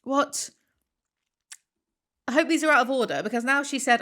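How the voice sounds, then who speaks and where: A woman in her thirties reading Reddit posts and text messages aloud, sarcastic, deadpan and swearing freely. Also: on the high side, fast, pauses often. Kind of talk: casual reaction commentary.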